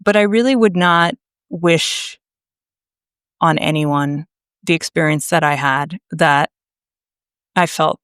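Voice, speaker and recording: A woman from Massachusetts, a naturopathic doctor, telling her story to a podcast host in a blunt, animated way. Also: deep voice, takes it slowly, long pauses, clean tone, no room sound, studio quality. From Massachusetts, USA. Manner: animated, emphatic, blunt, swears freely. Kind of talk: conversational storytelling.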